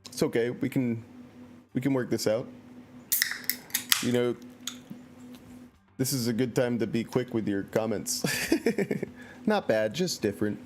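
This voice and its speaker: A man's voice: mid-range voice, unhurried, pauses often, over music. A man streaming a video game, chatting casually in a playful, joking and self-mocking way. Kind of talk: casual let's-play commentary.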